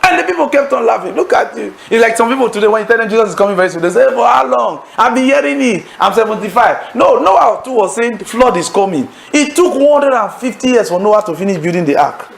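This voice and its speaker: A man preaching at a Bible study class in a high voice with a gravelly edge. He tells his stories with lively energy, acts out bursts of laughter and throws leading questions at his listeners. A faint hiss sits under the recording. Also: quick pace, hardly any pauses, poor audio. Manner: animated storytelling, acting out laughter; asks the audience leading questions. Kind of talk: sermon-style teaching to a congregation.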